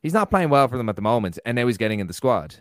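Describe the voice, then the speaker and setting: A man's voice: mid-range voice, big pitch swings, rapid-fire, fairly bright tone, no room sound, studio quality. Argumentative Irish man in football chat. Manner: argumentative, rhetorical questions. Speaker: podcast co-host.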